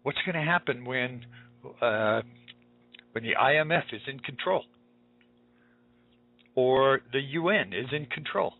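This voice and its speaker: A man's voice: medium pitch, lively intonation, a little slow, long pauses. A male radio host giving an urgent, preaching monologue, emphatic and repetitive, heard over a tinny, phone-like line.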